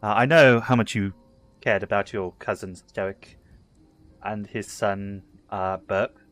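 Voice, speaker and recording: Man doing earnest adventurer, soft sympathetic delivery, slow, tabletop role-play. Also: lowish voice, steady tone, soft background music. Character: earnest male adventurer Bart, consoling.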